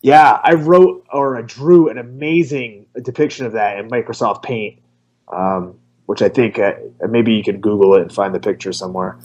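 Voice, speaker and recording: A man's voice: fairly low pitch, normal speed, a little mellow, dull audio. A man who coaches martial arts, co-hosting a casual podcast with crude, joking banter.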